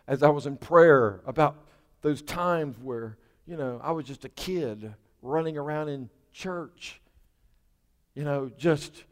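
Pastor guy preaching, chatty and folksy then getting fired up, voice a bit high, church hall echo. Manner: folksy, conversational, grows fervent and louder in prayer. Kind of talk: sermon. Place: church sanctuary.

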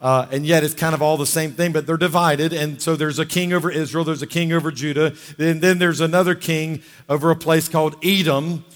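Fired-up preacher in a reverberant hall. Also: male voice, on the high side, steady tone, a little fast, hardly any pauses. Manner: fired-up, exhorting, calls for amens. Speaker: pastor. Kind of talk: sermon. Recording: long reverb of a large hall.

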